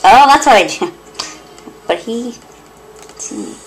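Excitable, giggly woman playing a game. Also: on the high side, measured pace, soft background music. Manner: excitable, giggly, swears and mutters. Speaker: let's play host. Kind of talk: gameplay commentary. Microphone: cheap headset.

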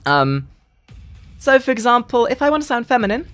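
A gaming streamer giving a casual voice-training tutorial in a lively, sing-song way, often restarting sentences. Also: moderate pace, faint music behind. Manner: lively, sing-song delivery with frequent restarts, dropping into deep demo voices.

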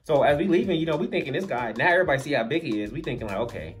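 A man telling a funny story in a storytime vlog, animated and acting out the voices of the people in it. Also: a little high, racing, soft background music.

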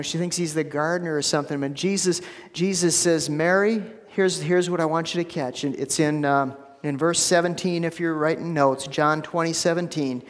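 Conversational preacher in a reverberant church. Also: male voice, on the high side. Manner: conversational preaching with repetitions and asides. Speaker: pastor. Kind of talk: sermon. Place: church sanctuary.

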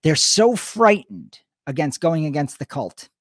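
A middle-aged man co-hosting a podcast, talking casually and retelling conversations in an animated way. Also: on the high side, measured pace, no echo, studio quality. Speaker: podcast co-host.

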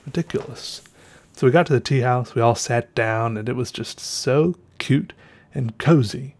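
A man's voice: mid-range voice, moderate pace, darkish tone. A man hosting a podcast, telling a rambling story in a casual way, correcting himself often and a little out of breath. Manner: rambling, self-correcting, trails off with fillers. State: slightly out of breath. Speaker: podcast host.

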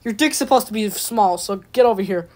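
A woman's voice: mid-range voice, brisk, dark tone. A woman hosting a puppet comedy skit, bossy and giggly as she orders the other characters around. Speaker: puppeteer host.

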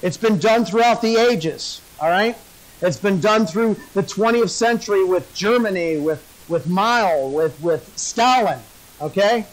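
A man's voice: high voice, a little slow, poor audio. A male pastor preaching a sermon, folksy and joking as he tells a story.

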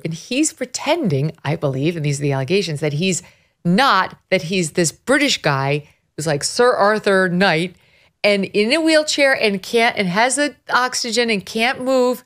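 A woman hosting a podcast, telling a story in an animated way with quick asides. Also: mid-range voice. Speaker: host. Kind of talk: casual podcast commentary.

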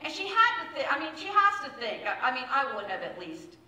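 A woman pastor delivers a conversational sermon in a church sanctuary, telling a story and acting out the quotes. Her voice sits high with big pitch swings, a fairly quick pace and a sharp tone. The mic is at a distance in an echoey church room.

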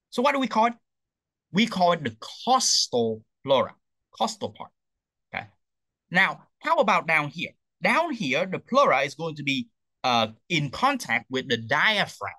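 A man's voice: fairly high pitch, no room sound, rough recording. A man giving an anatomy lecture, tagging "okay?" onto points and asking rhetorical questions he answers himself. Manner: lively, repeats "okay?" to check understanding.

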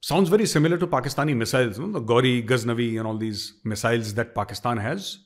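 A middle-aged man with an Indian accent delivers opinion commentary in an emphatic, forceful way. He hammers his points home through repetition. His voice sits at an ordinary mid pitch for a man. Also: quick pace. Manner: forceful, emphatic, repeats for stress.

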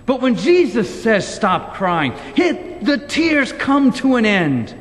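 A man preaches from the pulpit, his fairly high voice swinging widely in pitch as he drives home his rhetorical questions. His slow, deliberate delivery carries a long reverb from the church sanctuary. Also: sing-song. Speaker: pastor. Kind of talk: sermon.

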